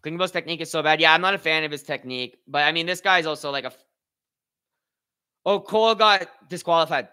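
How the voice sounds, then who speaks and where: Young dude streaming a fight watch party, bright kinda high voice, hyped, cussing, talking to chat. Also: male voice, fast talker, clear, resonant tone. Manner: excitable, swears a lot, talks to chat. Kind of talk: live fight commentary. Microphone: headphones with mic.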